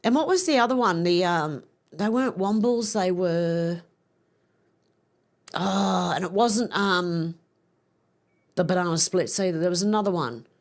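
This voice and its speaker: A woman's voice: on the low side, animated, a little slow, pauses often. A middle-aged woman hosting a livestream, chatting casually, giggling as she reads viewers' comments aloud. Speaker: livestream host.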